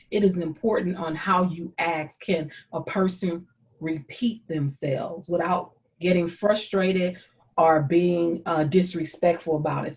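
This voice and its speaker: Host: St. Louis woman, lower voice, earnest and encouraging, unhurried delivery. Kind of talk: casual conversation.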